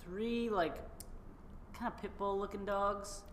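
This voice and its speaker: A man's voice: sits high, steady tone, takes it slowly, a bit bright. A man co-hosting a podcast, chatty and joking as he tells stories in casual talk. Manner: jokey, chatty storyteller. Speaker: podcast co-host. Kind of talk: casual chat. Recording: echoey room with faint noise.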